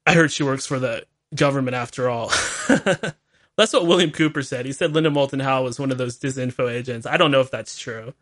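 A man's voice: medium pitch, brisk, fairly bright tone. A man hosting a call-in talk radio show, rambling and chatty with laughing asides.

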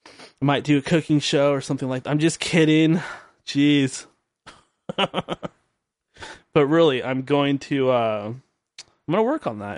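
A man hosts his own late-night podcast, rambling through a radio-style monologue and joking at his own expense while sounding tired and drowsy. His voice is medium-pitched, and the studio sound is clean with no echo.

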